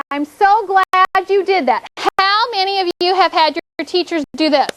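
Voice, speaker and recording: A woman teaching a spelling lesson to a class of children, checking in often with "okay?" and giving step-by-step directions. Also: extremely high pitch. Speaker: elementary school teacher.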